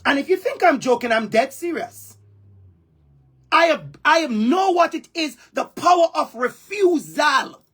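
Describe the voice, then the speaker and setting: Over a video call, a keynote speaker with a Jamaican accent delivers an impassioned speech, emphatically repeating phrases for emphasis. His voice is very high-pitched and a bit bright.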